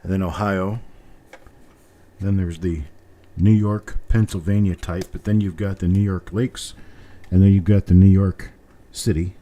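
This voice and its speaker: A man's voice: sits low, fairly even intonation, measured pace, mellow. An older man with a general American accent, hosting a live stream and chatting casually with viewers in a rambling, easygoing way. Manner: rambling, easygoing, chuckles often. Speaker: host of a live coin roll hunt stream.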